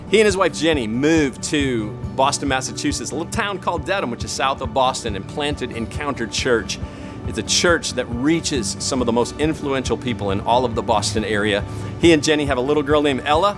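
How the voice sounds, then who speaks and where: Upbeat man introducing a speaker. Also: mid-range voice. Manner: upbeat, enthusiastic. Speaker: church host introducing a speaker. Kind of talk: stage introduction. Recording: music playing behind.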